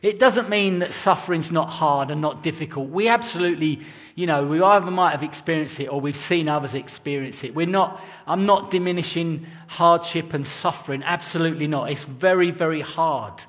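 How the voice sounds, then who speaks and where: Casting: male pastor, earnest and conversational, slightly higher voice, long church reverb. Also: moderate pace, a bit bright. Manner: earnest, conversational preaching with personal stories and chuckles. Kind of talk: sermon.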